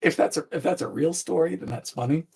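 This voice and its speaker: A man hosting a live baking stream, chatting playfully with viewers, trailing off and restarting, with sudden high squeals. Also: fast, creaky, a little mellow, breathy edge, poor audio. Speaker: baking show host.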